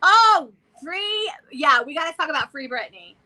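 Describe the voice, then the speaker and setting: A woman with a Southern American accent, co-hosting a casual vlog chat in an animated, chatty way. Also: high-pitched, moderate pace, low-quality recording. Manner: animated, chatty, loud exclamations and laughs. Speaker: vlog co-host.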